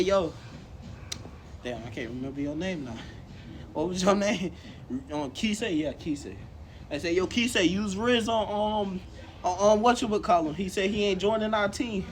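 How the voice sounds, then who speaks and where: Casual male storyteller, high-pitched, animated, slangy, acts out the dialogue. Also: normal speed, slight background noise. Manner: animated and slangy, acts out quoted lines and laughs often. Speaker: co-host telling a fan story.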